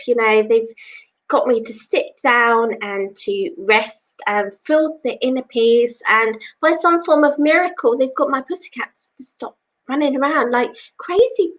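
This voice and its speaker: A woman's voice: on the high side, a bit bright, poor audio. A woman from England who reads cards as a psychic, chatting on a live stream with viewers in a rambling way, with many "you know"s. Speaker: psychic reader. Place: home.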